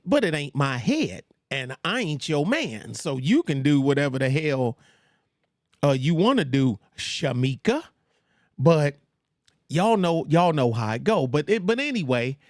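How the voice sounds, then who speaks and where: A man's voice: fairly high pitch, no room sound, studio quality. A man hosting a casual livestream, rambling with blunt, trash-talking asides. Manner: mocks others in put-on voices. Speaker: livestream host.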